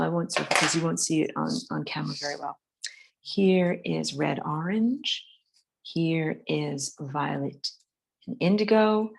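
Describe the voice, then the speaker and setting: A woman with a low, slightly gravelly voice leads a relaxed drawing lesson from her home studio. She talks through the sketch loosely, with fillers and asides, recorded on a phone. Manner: casual, rambling instruction with many fillers. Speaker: art and spirituality teacher. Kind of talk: live-streamed drawing lesson. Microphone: phone camera.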